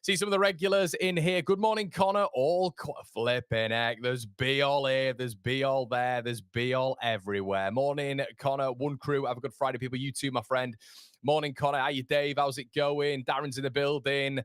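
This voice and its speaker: A man's voice: medium pitch, normal speed, fairly bright tone, clean tone, dry recording, clean studio sound. A young man hosting a live football transfer chat, chatty and cheeky as he reads out viewer comments. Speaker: host.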